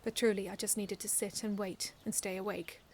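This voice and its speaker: Slight background noise accompanies a woman reading her first-person fan story a little fast in a mid-range voice. She's earnest and expressive, though she keeps going back to restart lines.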